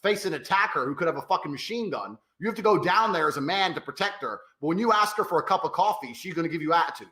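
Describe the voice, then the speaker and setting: A man's voice: fairly high pitch, animated, fast, hardly any pauses, pushed and bright. A man speaking as an interview guest, blunt, emphatic and profane. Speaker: interview guest giving advice to men. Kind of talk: podcast interview talk. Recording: roomy echo.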